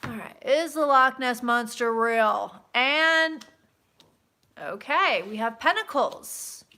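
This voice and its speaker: A tipsy woman in her thirties reading tarot, chatting loudly and swearing as she tells stories. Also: fairly high pitch, slow. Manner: loud, sweary, excitable storyteller. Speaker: tarot reader and host. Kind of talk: casual tipsy chat.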